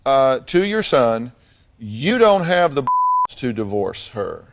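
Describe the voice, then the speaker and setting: A man's voice: medium pitch, very animated, takes it slowly, gravelly, background noise. A man hosting a talk show, bluntly questioning a guest with dry humor.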